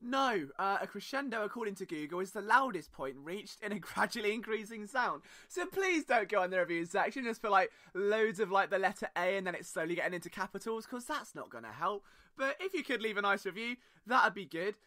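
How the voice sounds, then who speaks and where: Bright high-voiced British young man. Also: sing-song, brisk. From Britain. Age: young adult. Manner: sarcastic, self-mocking, rambling asides. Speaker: podcast host. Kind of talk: casual solo podcast monologue.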